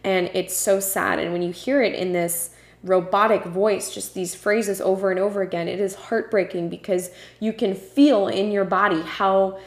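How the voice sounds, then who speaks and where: A woman's voice: medium pitch, fairly even intonation, moderate pace. A woman hosting her own podcast, talking alone in an earnest, passionate way with frequent ums and uhs. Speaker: podcast host. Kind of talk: solo podcast talk. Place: home room with a puppy nearby. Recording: roomy echo.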